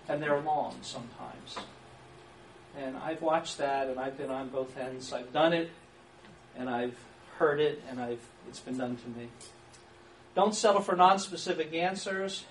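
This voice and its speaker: A man teaching a church class on counseling, lively and acting out sample questions, with an occasional chuckle. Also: on the high side. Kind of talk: church training lecture. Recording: echoey room from far off, faint hiss.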